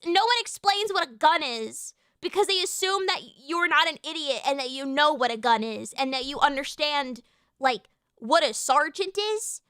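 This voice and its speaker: A young woman streamer talking to her chat, loud and passionate, quick to get worked up. Her voice sits very high and bright, with a dry, close sound. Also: dry recording. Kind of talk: casual live-stream chat.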